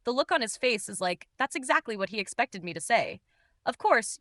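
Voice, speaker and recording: A woman's voice: medium pitch, very animated, moderate pace, bright, forceful tone, no room sound, studio quality. A woman narrating a story in the first person, in a cool and dismissive manner.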